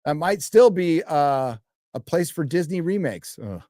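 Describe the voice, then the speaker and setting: A man's voice: on the high side, big pitch swings, measured pace, dark tone, dry recording, clean studio sound. A man hosting a casual live stream, reading viewer donations and messages aloud with an offhand, crude manner and many fillers. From United States. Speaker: livestream host reading donations.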